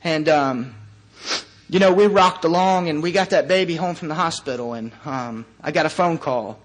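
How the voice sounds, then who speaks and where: A man in his thirties sharing his recovery story before a group, earnest and halting, with long pauses and wry, self-mocking humor. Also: on the high side. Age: 30s. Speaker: recovery meeting speaker. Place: meeting room before a live audience.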